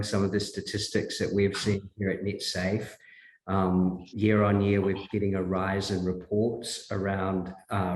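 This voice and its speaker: A man introducing a speaker at an online safety event in a measured, presenter-like way. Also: low-pitched. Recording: roomy echo.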